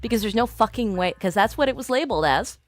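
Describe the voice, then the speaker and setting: A woman's voice: a little high, fast talker, faint music behind. A young woman streamer casually telling an exasperated travel story, acting out the voices of the people she met. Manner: animated, exasperated storytelling with acted-out dialogue.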